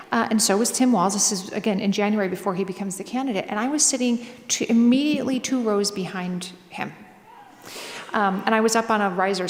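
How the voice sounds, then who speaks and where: A woman author telling a story to a live audience in a casual, animated way, full of fillers. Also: medium pitch. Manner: chatty and animated, with many fillers. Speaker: author and guest speaker. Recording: echoey hall, faint ambience.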